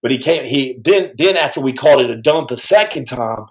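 A man telling a story on his podcast in a casual, animated way, stumbling over restarts and acting out the quotes. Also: mid-range voice, a little fast, low-quality recording.

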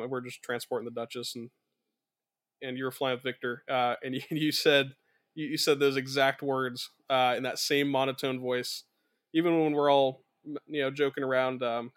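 A young man with a middle-pitched, ordinary voice, chatting casually as a podcast co-host. He is easygoing and agreeable and tells flight stories in a relaxed way.

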